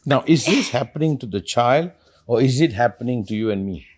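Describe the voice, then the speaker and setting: A man's voice: mid-range voice, expressive, fairly quick. A man, a spiritual teacher, talking earnestly in a reflective conversation and asking probing questions.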